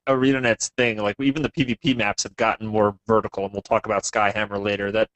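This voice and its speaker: A man co-hosting a casual gaming chat, relaxed and full of fillers. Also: lowish voice, quick pace, no echo, rough recording. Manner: relaxed, lots of fillers and "you know". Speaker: co-host.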